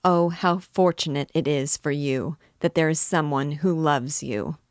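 A woman's voice: low-pitched, measured pace, dry recording, clean studio sound. A woman reading Quasimodo, sorrowful deaf bell-ringer. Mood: bitter.

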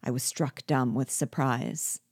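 A woman reading a novel aloud in a measured, deliberate manner. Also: extremely low pitch, fairly even intonation, a little mellow, breathy edge, no echo, clean studio sound. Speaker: book reader.

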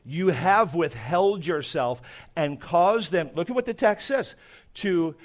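A middle-aged man preaching a sermon as a pastor, emphatic, dropping to quiet asides and rising to loud bursts. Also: a little high, expressive, slow pace.

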